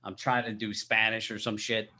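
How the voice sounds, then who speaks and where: Podcast dude telling stories, bright sharp voice, stops and restarts a lot, swears. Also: male voice, on the low side, level tone, normal speed. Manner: storytelling, hesitant, profane. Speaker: podcast co-host. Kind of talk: casual chat.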